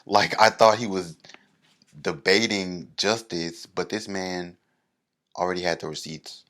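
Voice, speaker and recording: A comedian with a very low, deep voice tells a stand-up story about himself, taking his time. He pokes fun at himself and hits each beat with lively comic timing.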